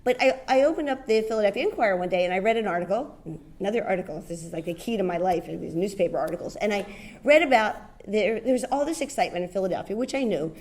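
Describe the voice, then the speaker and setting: A middle-aged woman from New Jersey giving a keynote speech, telling her stories in an animated way and acting out the dialogue. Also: medium pitch, quick pace. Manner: animated storyteller, acts out dialogue, laughs often. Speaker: keynote speaker.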